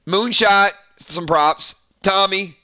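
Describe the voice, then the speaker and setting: A man from the Southern US hosting a live game stream, hyper and rambling with quick asides. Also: high-pitched, bright, forceful tone. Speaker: game host.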